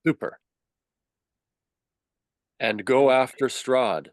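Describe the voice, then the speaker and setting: A man playing in a tabletop game, hesitant when asking and quick to joke. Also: medium pitch, dry recording. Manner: hesitant, joking. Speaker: player. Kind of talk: casual chat.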